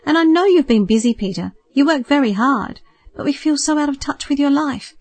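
Woman voicing a gentle pleading mother. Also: high voice, expressive, a little fast, voice pushed up. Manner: gentle, coaxing, softly persistent. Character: warm worried middle-aged mother, gentle and pleading. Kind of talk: audiobook character voice.

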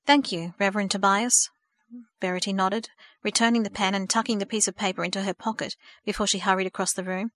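A woman reads a storybook in a steady, measured way, at an ordinary pitch for a woman. The recording is close and dry, with no room sound. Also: no room sound. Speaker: narrator. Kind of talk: audiobook narration.

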